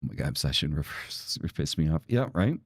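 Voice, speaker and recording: A man's voice: rumbling low, very animated, a little fast, breathy edge, dry recording, studio quality. A male podcast host in a casual monologue, ranting and swearing, with lots of "right?" and "like" fillers. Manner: profane, ranting, heated.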